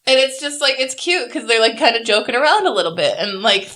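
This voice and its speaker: A woman's voice: fairly high pitch, lively intonation, fast talker, pushed and bright, poor audio. A woman co-hosting a casual movie review podcast, chatty and giggly, with lots of "like" fillers. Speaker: podcast co-host. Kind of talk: casual chat.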